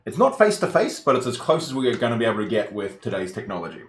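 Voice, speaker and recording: A man's voice: medium pitch, sing-song, quick pace. Man explaining plans in an echoey room. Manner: explains plans with hesitant fillers. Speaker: tabletop game player and stream co-host. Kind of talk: casual group chat on a livestream. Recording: echoey room, faint hiss.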